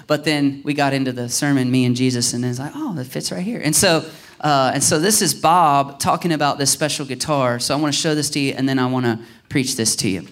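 A male pastor preaching a sermon in an animated way, acting out voices and rising to near-shouts. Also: mid-range voice, brisk.

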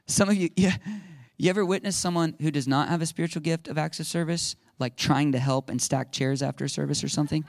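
A man preaching a lively sermon as a pastor, acting out little scenes and laughing now and then. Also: on the high side, fast, creaky, no room sound, clean studio sound. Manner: animated, acts out little voices and laughs often.

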